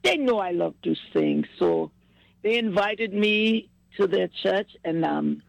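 Gravelly, effusive woman preaching. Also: mid-range voice, big pitch swings, takes it slowly, no echo, lo-fi sound. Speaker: singer sharing news with family. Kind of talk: casual chat.

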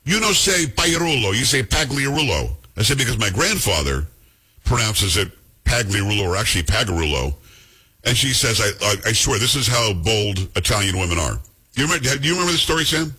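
A man hosting a radio show, chatting and needling his co-hosts with fast, animated energy. His voice is bright and edged with a light husk, and his pitch swings widely as he tells his stories. He plays out every quoted line with gusto. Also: breathy edge. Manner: animated, teasing, tells stories and acts out other people's lines. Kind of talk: casual on-air banter.

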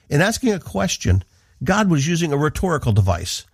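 A man from the northeastern United States, hosting a radio program with earnest, measured devotional Bible teaching. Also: fairly high pitch, very animated, vocal fry, breathy edge, no room sound, clean studio sound.

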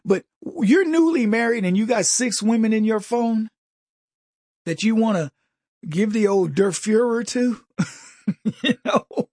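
A middle-aged man delivering a comedic political monologue, mocking and jokey, with quick asides and mimicked voices. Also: high voice, lively intonation, a little mellow, no room sound, studio quality. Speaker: commentary host.

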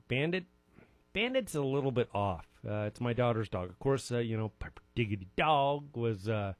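A man's voice: medium pitch, no room sound. Jokey rambling male radio host. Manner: jokey, self-mocking, rambling. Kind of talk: casual rambling radio chat. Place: radio studio.

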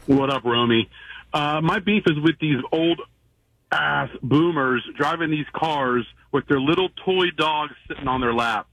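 A man's voice: on the high side, a little slow, fairly bright tone, no echo, rough recording. A man calling in to a radio show with a blunt, punchy rant. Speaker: caller. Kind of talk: call-in radio talk.

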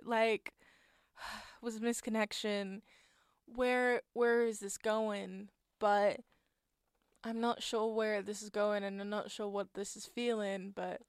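A young woman hosts a radio show from a studio, speaking slowly and unhurriedly in a smooth, clear, fairly high voice. She rambles chattily between tracks, trailing off and restarting her thoughts. The sound is close and dry. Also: little pitch movement, dry recording. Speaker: radio host. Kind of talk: casual radio presenting.

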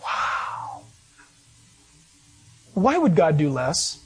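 Man, pastor, sermon, high voice, raspy edge, animated storyteller. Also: normal speed, faint music behind.

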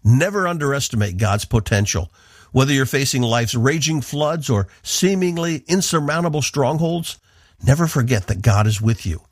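A man's voice: medium pitch, expressive, moderate pace, no room sound. A man from the northeastern United States, a radio Bible teacher giving an earnest, emphatic devotional talk into a studio microphone.

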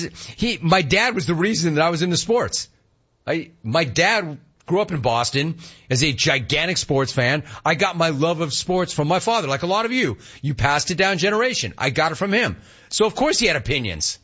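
A middle-aged man hosting a sports radio show, answering listener questions in a casual, animated way and acting out dialogue. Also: on the high side, breathy edge, lo-fi sound. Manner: animated storyteller, acts out dialogue.

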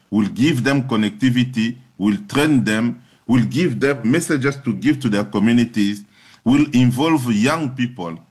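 Man, earnest and emphatic, interview answers, mid-pitched voice. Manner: earnest, emphatic, repeating phrases in lists. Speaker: public health agency head.

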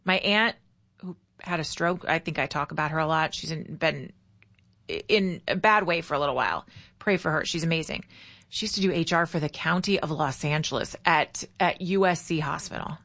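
A woman's voice: low voice, moderate pace, fairly bright tone. Chatty woman hosting morning radio. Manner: chatty, laughs at herself, bubbly. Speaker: radio talk show host. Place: radio studio.

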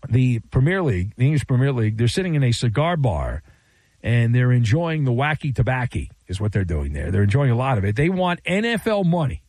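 A man's voice: on the high side, a little mellow, dry recording. A man hosting a sports talk radio show, wisecracking and sarcastic.

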